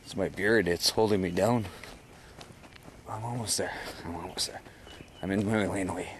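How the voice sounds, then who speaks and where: A man's voice: low-pitched, fairly even intonation, moderate pace, pauses often, background noise. A drunk man from Canada vlogging to his camera outdoors while walking home at night, sighing and swearing as he rambles. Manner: slurry, sighing, swearing constantly. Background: faint outdoor ambience with birds.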